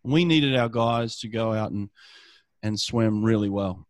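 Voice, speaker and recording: A man's voice: fairly low pitch, unhurried, no echo. A middle-aged man, a swim coach telling stories in casual conversation, often restarting his phrases. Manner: storytelling, frequent restarts.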